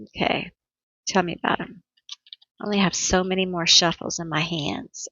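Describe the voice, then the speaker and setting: A woman's voice: on the low side, fairly even intonation, normal speed, bright, forceful tone, dry recording, dull audio. A woman reading tarot cards for her viewers, talking to them directly with empathy. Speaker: tarot reader. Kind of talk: pick-a-card tarot reading.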